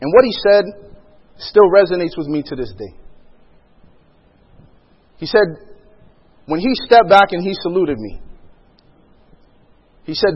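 A man with a notably high voice shares a personal testimony as a vivid storyteller, acting out other people's lines and laughing often. His voice rings with a long hall reverb, and the recording sounds dull and lo-fi. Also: sing-song, slow, pauses often, slightly rough. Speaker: speaker sharing a personal testimony.

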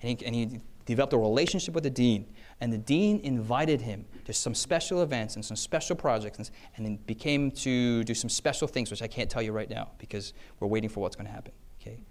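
A medium-pitched man speaking fairly quickly preaches about time management through stories. He keeps listeners engaged, dropping in "okay?" and "yes?" to check on them and acting out the voices he quotes.

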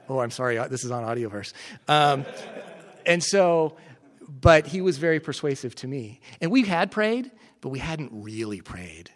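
A middle-aged man, a missionary speaker, telling an animated story to an audience, his voice rising in the exchanges he recounts. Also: medium pitch. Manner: animated, lively storytelling that gets loud in quoted exchanges. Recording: echoey hall recording.

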